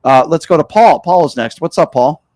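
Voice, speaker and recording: A man's voice: a little high, a little fast, darkish tone, dry recording. A man hosting a call-in talk show, joking with callers and co-host. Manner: joking, taking calls. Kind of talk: casual radio talk.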